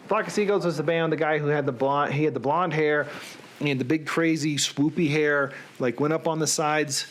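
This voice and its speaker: A man's voice: on the high side, measured pace, a bit bright, a little hiss or hum. A man in his thirties hosting a casual, rambling chat from home, joking at his own expense. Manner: rambling, self-deprecating. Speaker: host.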